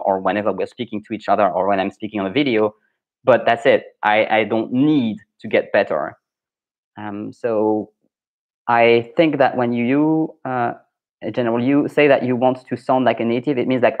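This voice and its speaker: A man's voice: fairly low pitch, highs cut off. A man with a French accent, a pronunciation coach hosting a casual live stream, answering viewer comments in a frank, opinionated way. English is not his first language. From France.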